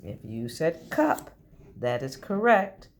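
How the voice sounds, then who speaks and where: A woman teaching a recorded early-grade reading lesson, slow and deliberate, encouraging the children. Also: sits low, sing-song, a little hiss or hum.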